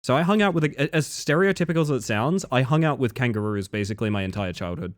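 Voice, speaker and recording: A young man with an Australian accent chats casually with his live audience, his voice bouncing through a lively pitch range. He rambles from joke to joke and swears freely. The sound is close and dry, with no room around it. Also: quick pace, dry recording. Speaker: streamer.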